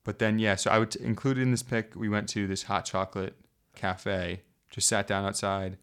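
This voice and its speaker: A young American man co-hosting a podcast, chatting casually in a relaxed, rambling way full of "like". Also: fairly low pitch, moderate pace, smooth. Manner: relaxed, rambling, heavy use of "like". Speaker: podcast co-host. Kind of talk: casual chat.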